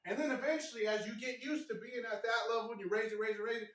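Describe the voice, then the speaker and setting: A man's voice: very high-pitched, fairly even intonation, fast talker, background noise. A man casually demonstrating stretches to a camera, chatty and a bit strained from the effort, tagging lines with "right?". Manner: chatty, repeats "right?" often. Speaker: martial arts instructor. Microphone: camera mic. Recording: echoey room.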